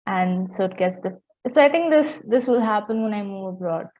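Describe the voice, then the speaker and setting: A woman's voice: medium pitch, lively intonation, moderate pace, a little mellow. A woman hosting a podcast, speaking hesitantly and searching for her words in casual conversation. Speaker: podcast host. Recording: dull lo-fi audio.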